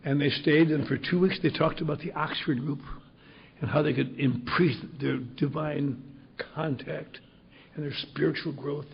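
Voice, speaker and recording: Gravelly older man, blunt storyteller. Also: a little high, fairly even intonation, moderate pace, highs cut off. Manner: blunt, salty humor. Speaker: recovery meeting speaker. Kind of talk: storytelling talk. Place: convention hall.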